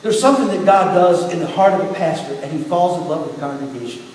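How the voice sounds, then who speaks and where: A middle-aged man pastor preaching a sermon with personal testimony, telling his story in turns quiet and emphatic. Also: a little high, fast. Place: church sanctuary. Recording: echoey hall from far off, faint hiss.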